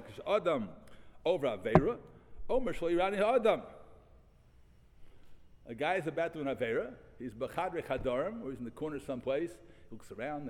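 A man teaching a Talmud class, reading passages and restating them in animated, repeated phrases. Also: fairly high pitch, long reverb tail, a little hiss or hum. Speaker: Torah teacher.

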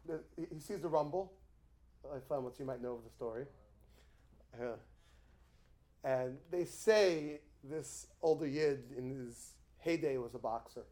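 A man teaching a lively Torah class, an animated storyteller who chuckles and drops asides. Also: mid-range voice.

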